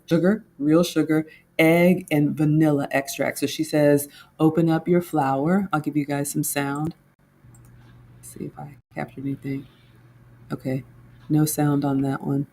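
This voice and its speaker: Chatty low-voiced woman home cook. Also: dark tone. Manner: chatty, talks to viewers as "class" and "y'all". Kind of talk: casual chat reviewing a baking class. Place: home kitchen.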